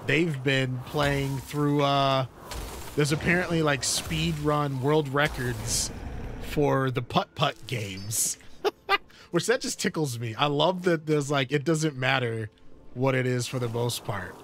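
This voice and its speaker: A man's voice: medium pitch, takes it slowly, fairly bright tone, a little hiss or hum. A man streaming a game live, chatting casually in a rambling, sidetracked way with many fillers. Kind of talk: casual gaming chat. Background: game music.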